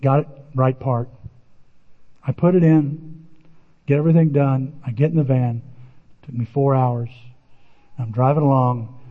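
A man telling a self-mocking personal story as a sermon, animated and acting out his own reactions. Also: mid-range voice, normal speed, pauses often. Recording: dull, echoey large hall.

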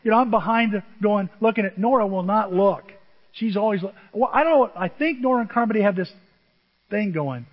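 Animated older man preaching, high voice. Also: brisk. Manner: animated, self-deprecating storytelling with dramatic swings from soft to loud. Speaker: pastor. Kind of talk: sermon. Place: church sanctuary. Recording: muffled audio with long hall reverb.

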